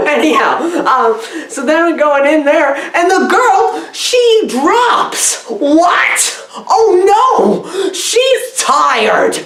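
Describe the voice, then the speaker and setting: A woman's voice: on the high side, reverberant. A woman doing an absurd comedy film review, rambling and giggling, her voice swooping up and down erratically.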